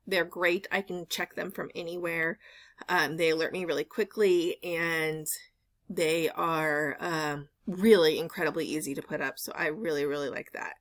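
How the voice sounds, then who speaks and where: A woman's voice: low voice, steady tone, normal speed, a bit bright. A woman vlogger at home, telling a rambling story in casual chat, full of "like" and "um" fillers. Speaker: reseller vlogger.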